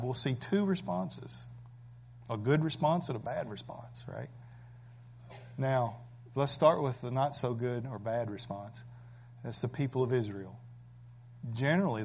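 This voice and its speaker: A man's voice: mid-range voice, darkish tone, slight background noise. A man preaching a sermon, emphatic and full of rhetorical questions. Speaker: pastor. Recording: dull lo-fi recording.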